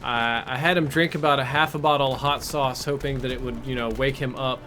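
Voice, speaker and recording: A man's voice: medium pitch, steady tone, a little fast, pushed and bright. A male game streamer casually telling a rambling, crude, self-mocking story while he plays, on a headset mic.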